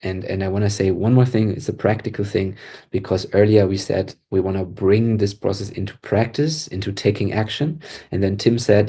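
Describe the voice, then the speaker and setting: Low husky man, intense and emphatic. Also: normal speed, mellow. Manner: intense, emphatic, swears freely. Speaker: podcast co-host. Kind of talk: casual podcast discussion.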